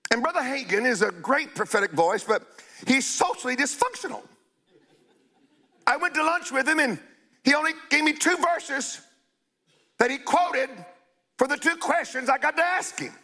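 Older man preaching a scolding sermon, high and gravelly, blunt with drawn-out shouted emphasis.

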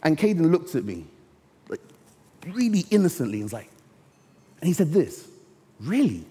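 Animated male preacher in a reverberant hall. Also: a little high. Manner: animated, slows down to stress key words. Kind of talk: storytelling sermon. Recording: long reverb of a large hall.

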